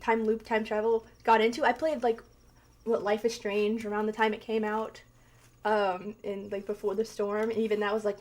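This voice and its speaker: A woman's voice: mid-range voice, little pitch movement, normal speed, darkish tone. A woman streaming a game she is playing for the first time, chatting casually with her viewers in a rambling, giggly way and breaking into long laughing fits. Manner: rambling, chatty, talks to chat. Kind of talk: casual gameplay commentary.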